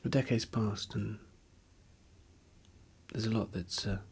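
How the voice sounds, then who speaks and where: A man's voice: on the low side, steady tone, slow, gravelly, husky. A man, a musician, speaking in a candid interview, hesitant and searching for words, openly earnest and emotional.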